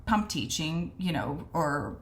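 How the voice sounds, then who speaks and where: A woman's voice: low-pitched, big pitch swings, takes it slowly. A woman casually telling a personal story to camera, chatty and earnest, acting out the conversations she quotes. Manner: frequent fillers and restarts, earnest. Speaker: vlogger sharing a personal health story.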